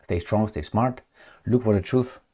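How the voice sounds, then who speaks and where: A man hosting a solo political commentary, talking in an animated, mocking way with frequent restarts. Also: fairly low pitch, unhurried.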